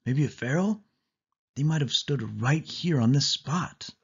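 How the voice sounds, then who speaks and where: A man's voice: mid-range voice, lively intonation, a little slow, gravelly, slightly rough, pitched above the performer's own voice, exaggerated voice. A man voicing a cautious young boy who protests anxiously in a storybook reading. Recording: dull lo-fi audio.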